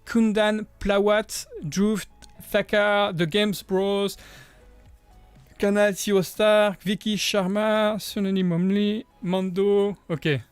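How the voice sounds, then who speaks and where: A man in his thirties with a French accent, hosting a livestream and chatting casually with viewers, friendly and upbeat, halting with many restarts and repeated words. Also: sits high, level tone, smooth, dry recording, soft background music. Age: 30s. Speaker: livestream host.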